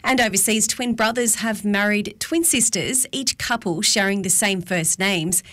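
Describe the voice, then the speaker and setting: A woman reading news and sport bulletins in an even, scripted way. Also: mid-range voice, normal speed. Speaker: newsreader.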